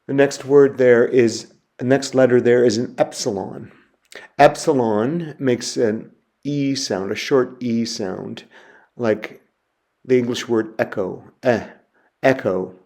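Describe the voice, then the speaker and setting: A man giving a recorded lecture, walking through letters slowly and methodically, repeating each example word. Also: mid-range voice, a little mellow. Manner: slow, methodical, spelling sounds out and repeating words. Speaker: teacher.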